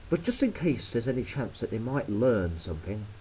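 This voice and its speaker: A man's voice: mid-range voice, big pitch swings, moderate pace, mellow, slight background noise, low-quality recording. An English man with an English accent, rambling in a blunt, sweary and sarcastic vlog monologue. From England. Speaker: vlogger.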